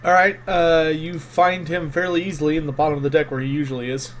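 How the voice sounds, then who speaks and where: A man's voice: fairly high pitch, little pitch movement, quick pace, a little hiss or hum. Casual male game master. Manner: casual, many fillers. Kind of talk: narrating a tabletop role-playing game.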